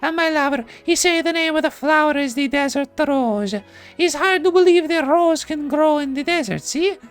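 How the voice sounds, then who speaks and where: A man voicing a grieving Italian woman in a high falsetto, with a put-on Italian accent and broken English. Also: moderate pace, fairly bright tone, faint music behind. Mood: pleading.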